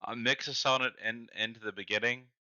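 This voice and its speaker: Man player, low voice, bright and smooth, slightly muffled chat audio. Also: steady tone, fairly quick, dry recording. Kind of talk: casual tabletop game chat.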